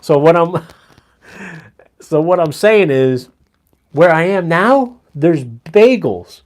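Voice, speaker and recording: A man's voice: on the high side, takes it slowly, long pauses. Middle-aged man telling stories casually. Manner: animated storytelling, swears freely, chuckles. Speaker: live streamer. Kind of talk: casual live-stream chat.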